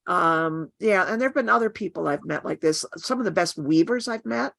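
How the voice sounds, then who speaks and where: A woman's voice: fairly low pitch, lively intonation, moderate pace, vocal fry, a bit bright, dry recording. An older woman, a guest artist, chatting frankly with wry asides. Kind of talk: casual chat.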